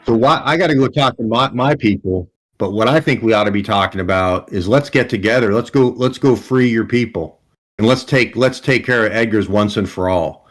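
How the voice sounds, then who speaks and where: A man's voice: on the low side, brisk, fairly bright tone. A man voicing an earnest adult male survivor in a tabletop game, making a blunt, persuasive plea for peace.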